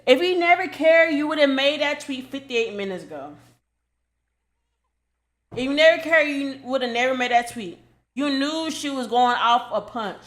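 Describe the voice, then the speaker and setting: Young woman ranting, high voice, blunt and sweary, keeps repeating herself. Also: lively intonation, unhurried, fairly bright tone. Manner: blunt, repetitive, profane scolding. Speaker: commentary creator. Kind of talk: casual commentary rant.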